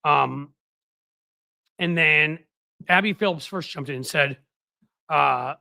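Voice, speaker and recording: A man's voice: on the high side, takes it slowly, vocal fry, sharp tone, no echo. A man hosting a political commentary stream in casual talk, mocking his target and quoting others in put-on voices.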